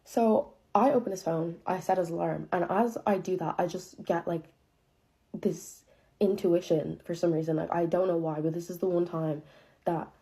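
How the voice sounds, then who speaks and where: Young woman, casual storytime, low mellow voice, profane and chatty, dramatic disbelief. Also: fairly even intonation, moderate pace. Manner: profane, chatty, heavy use of filler "like"; incredulous, dramatic retelling.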